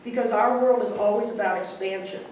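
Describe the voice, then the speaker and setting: Medium in pitch, fairly even in intonation and brisk, a woman minister delivers a warm, chatty, casual sermon that mixes readings with a humorous story, and she laughs at her own jokes. There's slight background noise, and she sounds distant in a very echoey hall with a congregation.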